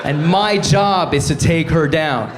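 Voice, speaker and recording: Canadian male comic in his forties, high voice, wry, plays both sides of a couple's fights, noisy live room. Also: a little slow. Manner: wry, acts out both sides of marital arguments. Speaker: stand-up comedian. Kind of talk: stand-up routine. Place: comedy stage before a live audience.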